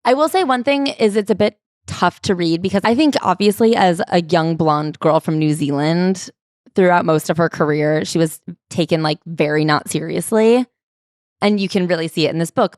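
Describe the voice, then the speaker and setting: Lower-voiced wry woman co-host. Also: moderate pace, no echo, clean studio sound. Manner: wry, emphatic, uses lots of "like". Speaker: podcast co-host. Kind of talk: casual book-club chat.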